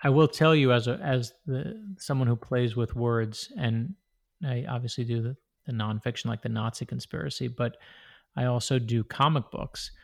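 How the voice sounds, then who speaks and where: Gravelly, animated male author. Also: medium pitch, normal speed. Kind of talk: interview conversation.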